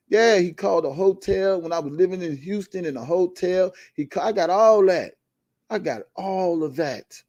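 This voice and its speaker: This live online show host has a high, darkish, very animated voice, captured clean and dry in a studio. Reading from a court filing, he breaks in with forceful remarks, drags out stressed words, and keeps repeating his signature catchphrase.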